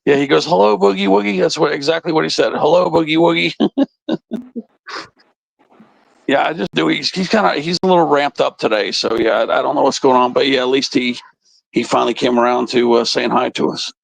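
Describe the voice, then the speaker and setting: Man, gravelly voice, dry close sound, teasing livestream chat. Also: medium pitch, fairly quick, pauses often, no room sound, low-quality recording. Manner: teasing, rambling, chuckling. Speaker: livestream host.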